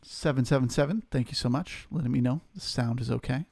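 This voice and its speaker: A man's voice: medium pitch, brisk, vocal fry, a little mellow, no echo. A man hosting a live trading stream, steadily talking through market levels and greeting viewers in chat.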